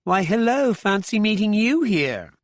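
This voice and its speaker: A man voicing a cool, unflappable young woman with a soft British accent and a breezy, bland manner. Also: medium pitch, sing-song, unhurried, no echo, studio quality, voice pushed up.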